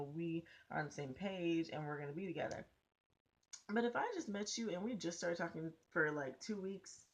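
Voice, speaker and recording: A young woman vlogger telling a storytime to her camera in a casual, animated, blunt and profane way. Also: low voice.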